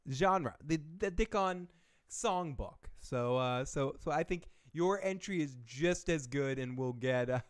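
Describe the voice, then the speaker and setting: A man's voice: medium pitch, smooth. A man hosting a live stream, rambling in casual chat with profane, chuckling asides. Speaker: show host.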